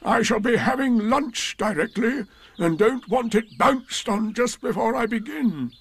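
A man voicing a gloomy old male donkey in a storybook reading, slow and mournful. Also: extremely high pitch, expressive, breathy edge, no echo, voice pushed up, heavily acted.

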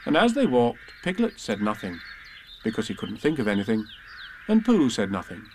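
A man reading a children's storybook aloud, gently and expressively. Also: fairly low pitch, wildly swooping pitch, normal speed, a little hiss or hum.

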